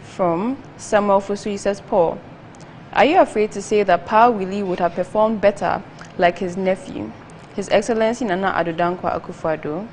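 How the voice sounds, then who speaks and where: A woman, co-hosting a TV talk show and reading viewer text messages aloud in a steady, measured way. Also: mid-range voice, a little hiss or hum. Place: TV studio.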